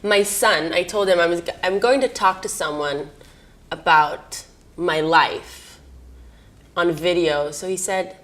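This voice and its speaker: A woman's voice: on the low side, measured pace, fairly bright tone. A woman in her thirties telling candid personal stories in an interview, rambling and laughing often. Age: 30s.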